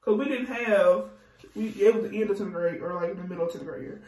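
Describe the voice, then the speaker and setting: A young adult woman telling a casual storytime vlog, animated and profane, laughing often. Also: mid-range voice, quick pace, recorded from a distance. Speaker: vlogger. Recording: echoey room, voice off-mic.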